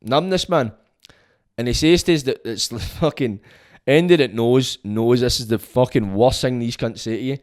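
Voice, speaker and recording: A man's voice: mid-range voice, normal speed. A Scottish man talking bluntly and with plenty of swearing in a casual monologue, giving frank advice as a vlogger.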